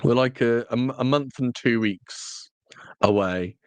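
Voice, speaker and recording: A man's voice: mid-range voice, measured pace, no room sound. A man co-hosting a podcast in casual chat, rambling and correcting himself with jokes. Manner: rambling, self-correcting, jokey. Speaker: podcast co-host.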